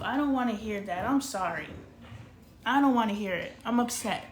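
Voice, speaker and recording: A woman's voice: mid-range voice, animated, normal speed, a little hiss or hum. A woman who makes online content and works as a spiritual coach, venting bluntly and swearing freely in a candid monologue.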